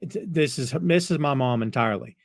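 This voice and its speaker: A man hosting a casual review chat, retelling scenes with animated storytelling and acted dialogue. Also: medium pitch, fairly quick, no echo, studio quality. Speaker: podcast host.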